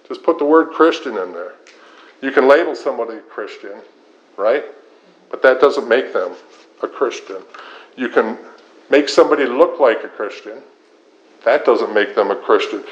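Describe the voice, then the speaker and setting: A middle-aged man preaching a sermon in an earnest style, building points through repetition. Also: medium pitch. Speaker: pastor. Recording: slightly dull lo-fi sound.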